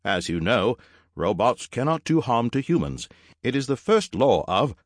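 A glitchy robot servant, male and fussily formal, who stutters over his words in a high, strained voice, louder than the narrator's own and with a strange, hollow timbre. He addresses everyone with stiff politeness. The audiobook recording is dry and close. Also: sing-song, moderate pace, no room sound. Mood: prim. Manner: stammering, formal and proper.

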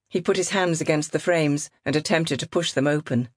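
A woman narrating a novel in a measured, expressive reading. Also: sits low, husky, no room sound, studio quality. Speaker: audiobook narrator. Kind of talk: scripted narration.

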